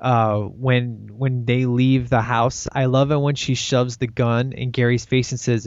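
Here a man co-hosting a podcast talks casually and enthusiastically about a film he adores, rambling and sprinkling "man" through his sentences. His medium-pitched delivery is flat and unhurried, with hardly any pauses. The lo-fi recording is dull and dry, with no echo.

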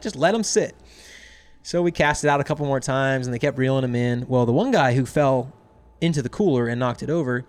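A man who works as a fishing guide, telling a story in casual chat and acting out the quotes with big jumps up in pitch.

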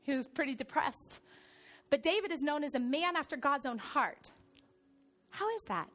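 High-voiced woman pastor preaching. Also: normal speed, faint music behind. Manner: animated storytelling, swings from soft to loud. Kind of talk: sermon.

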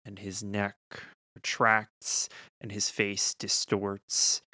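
A man serving as game master, narrating scenes slowly and quietly. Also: on the low side, monotone, no room sound, studio quality. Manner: slow, hushed, descriptive narration.

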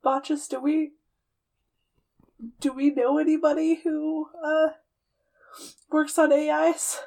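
Casting note: woman player, high voice, slow, anxious questions. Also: little pitch movement, darkish tone, low-quality recording. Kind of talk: playing a tabletop game in character.

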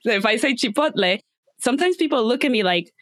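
A woman's voice: a little high, fast talker, no room sound, studio quality. A young adult woman hosting a podcast, chatting casually and telling stories with frequent laughter. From Latin America. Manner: laughs often, animated storytelling. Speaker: podcast host.

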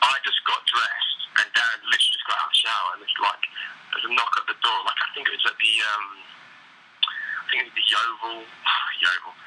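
A young man with an English accent talks loosely through an interview, piling up fillers and throwing in casual swears. His voice sits a little low but sounds very bright and forward. A faint hiss of noise runs underneath. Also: flat delivery, fast, rough recording. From England. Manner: rambling, swears freely, lots of fillers. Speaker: band member.

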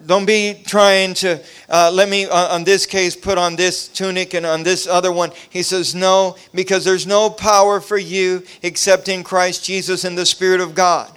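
A middle-aged man preaching at a revival, his voice a touch high and clean. He presses his points with rising emphasis, then settles into quieter storytelling. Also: little pitch movement, moderate pace, few pauses, clear, resonant tone. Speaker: pastor. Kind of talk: revival sermon.

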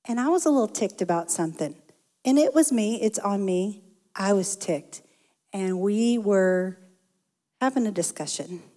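Woman telling a story about her marriage, lively and laughing a lot, mid pitch. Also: normal speed. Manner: animated, laughs often. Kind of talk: casual storytelling.

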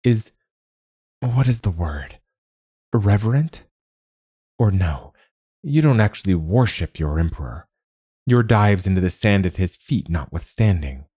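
Man voicing a sea-folk woman, serene, soft-spoken, dryly teasing, husky. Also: low voice, big pitch swings, a little slow, pauses often, dry recording, clean studio sound, exaggerated voice.

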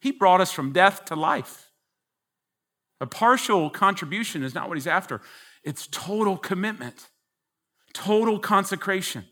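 A man's voice: a little high, pushed and bright. A man preaching a sermon, teaching earnestly and emphatically from scripture. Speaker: pastor.

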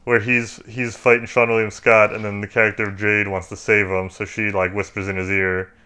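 A man's voice: on the low side, little pitch movement, fairly quick, sharp tone, smooth. A man co-hosting a casual movie review podcast, rambling and joking with many fillers. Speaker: podcast co-host.

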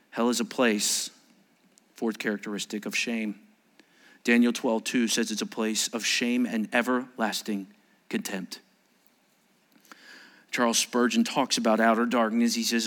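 A male pastor preaching a solemn sermon, reading quotations aloud and building to forceful emphasis. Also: lowish voice.

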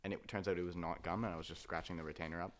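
A man with a low voice talks fast on a casual podcast among friends. His banter is teasing and rapid. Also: level tone. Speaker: podcast co-host.

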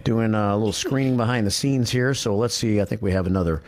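A man's voice: lowish voice, quick pace, darkish tone, dry recording. A man hosting a radio call-in show, patiently repeating his stock greeting.

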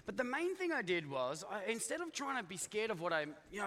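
Brisk and sing-song with few pauses, this man's voice sits high and has a sharp tone. He's a middle-aged Australian pastor giving a chatty, joking sermon with many asides to his congregation, captured in an echoey church hall.

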